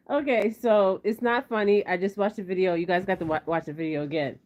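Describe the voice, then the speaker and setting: A woman's voice: mid-range voice, normal speed, a little mellow. A woman doing a casual tarot reading on camera, chatting in a rambling way and often checking in with "okay?". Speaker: tarot reader. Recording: slightly dull lo-fi audio.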